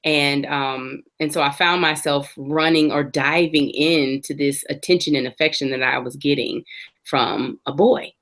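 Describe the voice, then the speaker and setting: A woman in her forties, an interview guest, earnestly telling her personal story with reflective pauses and restarts. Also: sits low, steady tone, a bit bright.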